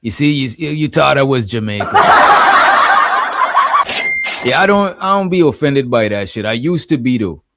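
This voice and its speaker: A man's voice: mid-range voice, very animated, a little fast, few pauses, heavy background noise. A man from Guyana with a Guyanese accent, hosting a casual livestream and rambling, often asking "you know what I'm saying". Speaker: livestream host.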